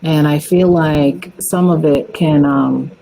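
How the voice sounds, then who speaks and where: Woman, podcast host, low voice, slow and easy delivery, faint background hiss. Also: steady tone, creaky, dark tone, rough recording. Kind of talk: casual podcast interview.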